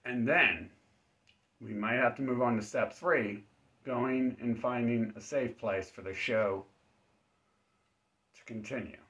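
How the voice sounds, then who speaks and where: A man hosting his own channel, giving a rambling deadpan comedic monologue that sometimes jumps into high-pitched acted-out voices. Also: takes it slowly, pauses often. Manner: acts out exchanges with sudden high-pitched voices; laughs at his own dark jokes. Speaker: self-defense channel host. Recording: slightly dull, lo-fi recording.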